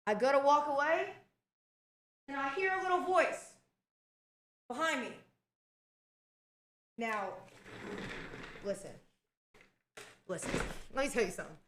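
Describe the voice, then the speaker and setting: A young adult woman streamer telling a heated story to her chat in a casual, swearing, animated way. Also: high voice, a little slow, long pauses, a little hiss or hum.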